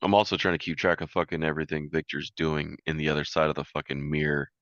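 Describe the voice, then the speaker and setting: A man's voice: rumbling low, little pitch movement, quick pace, fairly bright tone, no echo. A man running a tabletop game as game master, talking casually out of game and swearing easily. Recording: dull, dry lo-fi sound.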